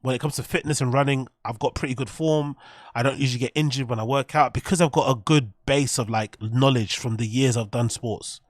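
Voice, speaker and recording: A man's voice: mid-range voice, brisk, no room sound, clean studio sound. Profane, rambling man streaming. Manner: rambling, profane, talks to his viewers. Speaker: streamer host. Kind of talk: casual livestream chat.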